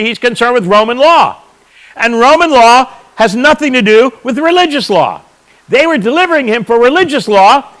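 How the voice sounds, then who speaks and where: A man's voice: high voice, a bit bright, poor audio. A man teaching a church audience, explaining points emphatically and answering his own questions. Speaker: Bible teacher.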